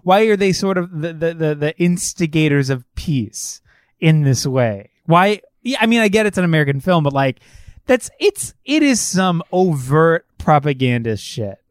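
A young man in a casual film review chat, with a voice that sits a little high for a man. He rants in a sarcastic, profane way and keeps restarting his sentences. The recording is close and dry. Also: big pitch swings, moderate pace, clean tone, no room sound.

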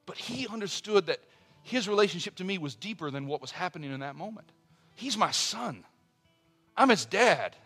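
Preaching from the pulpit, this middle-aged pastor speaks with earnest conviction in a voice on the high side. Quiet personal asides alternate with moments of forceful emphasis.

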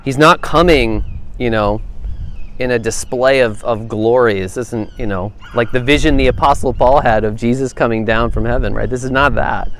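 A man's voice: mid-range voice, normal speed, fairly bright tone. A man with an ordinary mid-range voice leads a casual Bible study, thinking aloud as he goes. He keeps turning questions back to the group. A faint background hiss sits under his voice.

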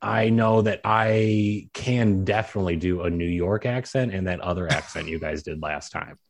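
A man co-hosting a podcast who delivers his jokes deadpan. His voice sits fairly low. The recording is dry and close. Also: moderate pace, creaky, no room sound. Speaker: podcast co-host. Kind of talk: casual recap chat.

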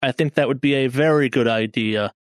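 A man voicing a calm, diplomatic female scientist who speaks in a measured, soothing way. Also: mid-range voice, no echo, lightly acted.

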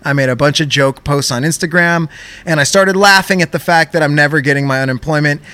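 Young male podcast host, bright and higher-pitched, excitable and swearing freely. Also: brisk, clean tone, no echo. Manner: excitable, profane, animated storyteller. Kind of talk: casual storytelling chat.

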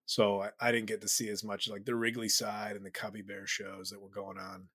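A comedian from the Chicago suburbs, chatting as a podcast guest in a rambling, laughing, self-deprecating way. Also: male voice, fairly low pitch, brisk, gravelly, fairly bright tone, slightly rough, no room sound, clean studio sound. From Chicago suburbs, USA. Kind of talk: casual storytelling chat.

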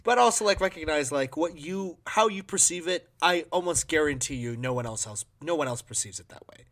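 Animated, bright-voiced male podcast host. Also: on the high side, a little fast. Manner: animated, joking storyteller. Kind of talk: casual podcast chat.

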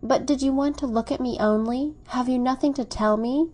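A woman's voice: high voice, normal speed, a little mellow, pitched above the performer's own voice. A woman reading the part of an ardent, persuasive young male suitor who presses his case with insistent reasoning. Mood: pressing.

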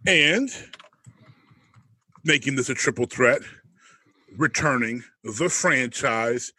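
A man's voice: mid-range voice, slow, bright, forceful tone, no room sound. A man hosting a casual wrestling podcast, with showy announcer-style delivery. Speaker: podcast host.

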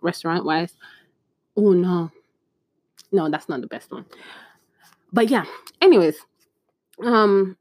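A woman vlogging in a casual, animated storytelling way, chatty and laughing at her own stories. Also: medium pitch, no room sound.

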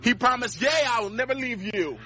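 A man's voice: very high voice, brisk. A man in a filmed street confrontation, preaching at a stranger in a mocking way and laughing between rebukes.

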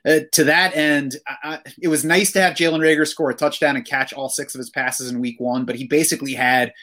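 A man hosting a fantasy football podcast, explaining things in a steady, casual chat. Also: mid-range voice, brisk. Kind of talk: casual sports analysis chat.

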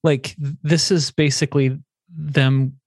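A man's voice: fairly high pitch, little pitch movement, unhurried, darkish tone, no echo, studio quality. A man hosting a conversation, responding reflectively and thinking aloud about parenting. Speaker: host. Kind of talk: interview conversation.

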